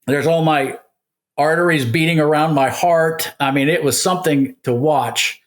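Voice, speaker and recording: An older man in his seventies tells his story to an interviewer. His voice sits a little high, and he is animated, playing out both sides of the conversations he recounts. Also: moderate pace. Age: 70s. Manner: animated storyteller, acts out quoted dialogue. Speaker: guest. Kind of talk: casual storytelling.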